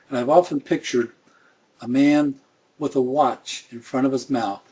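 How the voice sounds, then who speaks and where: Give me a man teaching Bible study with a mellow, warm tone and a plain, folksy delivery. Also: mid-range voice, normal speed, breathy edge. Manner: folksy, asks rhetorical questions.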